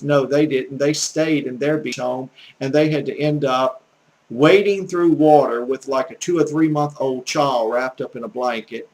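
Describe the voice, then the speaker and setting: Southern drawl, older man, gravelly folksy teacher voice, earnest and a bit preachy. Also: mid-range voice, rough recording. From American South, Gulf Coast. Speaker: YouTube language teacher. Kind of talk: casual rambling monologue.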